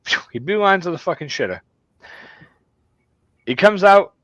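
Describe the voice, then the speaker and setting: A man's voice: high voice, animated, moderate pace, fairly bright tone, no room sound. Cussing guy telling long rambling stories on a video call, dry close sound. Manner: profane, rambling anecdotes. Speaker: channel host. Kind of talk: casual group video chat storytelling.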